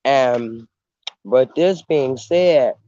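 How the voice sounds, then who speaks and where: A man hosting a casual livestream, talking slowly with long pauses and eating as he speaks. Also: mid-range voice, dark tone, no room sound, lo-fi sound. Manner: unhurried, pausing, eating while talking. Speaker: channel host. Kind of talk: slow casual livestream chat.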